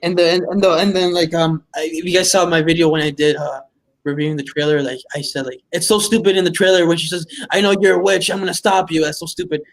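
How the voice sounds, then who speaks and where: A man co-hosting a movie podcast, chatting casually in a rambling, halting way with many fillers. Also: fairly high pitch, steady tone, rough recording. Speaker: podcast co-host. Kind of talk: casual chat.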